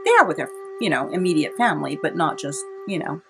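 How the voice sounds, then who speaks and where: A woman's voice: deep voice, expressive, fast, vocal fry. A woman from California, a vlogger telling a personal story in a chatty way and laughing often. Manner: chatty, warm-hearted, laughs often, dramatizes quotes. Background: soft instrumental music.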